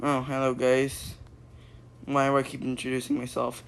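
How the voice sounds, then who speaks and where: A man improvising a goofy VR puppet comedy, excitable and silly, breaking into sudden squeals. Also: mid-range voice, normal speed, slight background noise. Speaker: puppet show creator.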